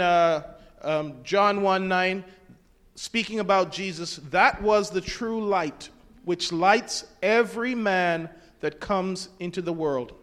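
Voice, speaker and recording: A man's voice: sits high, fairly bright tone. A man preaching a sermon, quoting scripture in old-fashioned wording and putting questions to his congregation. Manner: quotes scripture in King James wording, asks the congregation questions. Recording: long reverb of a hall.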